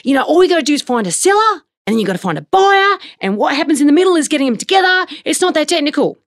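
A woman mimicking a brash, matey male real estate trainer who boasts loudly to his trainees. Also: high-pitched, very animated, racing, dry recording, clean studio sound, voice pushed up. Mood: brash, boastful. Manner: loud, matey, swaggering.

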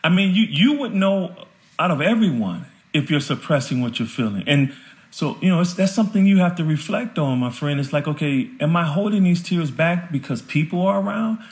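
A man's voice: a little high, expressive, fairly quick. Earnest man talking with fervor. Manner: earnest, fervent, heartfelt. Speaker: guest. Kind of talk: podcast interview conversation.

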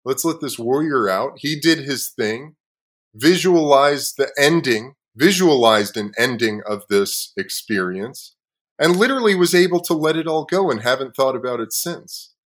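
A man hosting a podcast, telling a story in a casual, profane way with frequent laughs, sometimes dropping low and quiet. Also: animated, a little slow. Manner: swears freely, laughs often. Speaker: podcast host.

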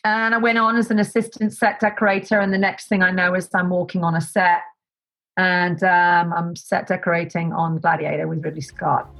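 A woman telling lively anecdotes as an interview guest, acting out other people's voices with lots of fillers and restarts. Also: on the low side, normal speed, rough recording. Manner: animated, acts out quoted voices, many fillers and restarts. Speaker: guest, set decorator. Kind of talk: casual anecdotal storytelling.

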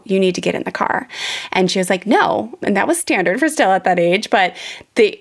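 A woman in her thirties telling a personal parenting story to her listeners in a candid, animated way, full of fillers and restarts. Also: fairly low pitch, vocal fry. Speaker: podcast host.

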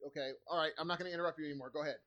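Bright, high-voiced animated man. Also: rapid-fire, muffled recording. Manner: animated, playful, laughs often. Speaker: podcast co-host. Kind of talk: casual chat.

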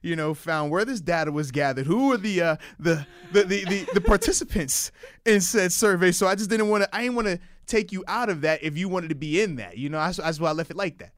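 A man's voice: high voice, a little fast, no room sound, clean studio sound. A man co-hosting a sports talk show, teasing his partner and acting out little voices. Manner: animated teasing, acts out voices. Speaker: sports radio co-host.

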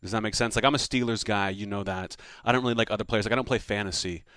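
A man's voice: on the low side, fast, clear, resonant tone, no echo. A man who is a comedian guest, telling a story in casual chat and acting out the quotes. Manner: animated anecdote teller, acts out quotes.

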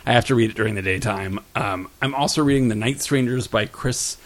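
A man's voice: lowish voice, a little fast. A man co-hosting a podcast, reviewing shows and books in casual, rambling chat full of "like" and "um". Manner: rambling, filler-heavy, frequent "like" and "um". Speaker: podcast co-host. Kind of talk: casual pop-culture chat.

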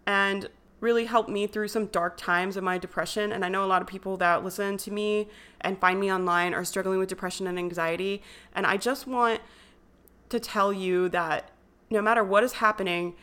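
A young woman hosts a podcast, delivering a casual motivational monologue in an earnest, encouraging, chatty way with plenty of fillers. Her mid-range voice is smooth with a fairly bright tone.

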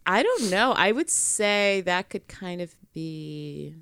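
A woman's voice: fairly low pitch, very animated, takes it slowly, a bit bright, smooth, dry recording, studio quality. A woman from Georgia in the United States, a podcast guest chatting casually, giggly and laid-back. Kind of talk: casual chat.

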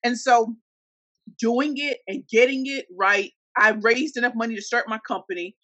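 A woman from St. Louis, Missouri, telling her business story in an interview, animated and acting out the voices of the people in it. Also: fairly high pitch, moderate pace, dry recording, poor audio. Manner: animated, acts out quoted voices. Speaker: guest entrepreneur.

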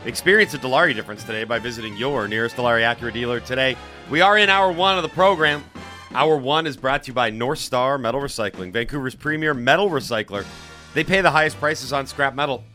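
A man hosting a morning sports radio show in a studio, talking in a quick, joking and upbeat way. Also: medium pitch, bright, forceful tone, faint music behind. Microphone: studio broadcast microphone.

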